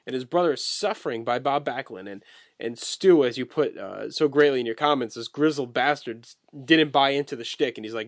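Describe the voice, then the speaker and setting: Brief: mid-pitched podcast host, casual, detailed match recap, dry close sound. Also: male voice, fairly quick, no echo. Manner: detailed play-by-play recounting, swears casually. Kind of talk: casual wrestling recap chat.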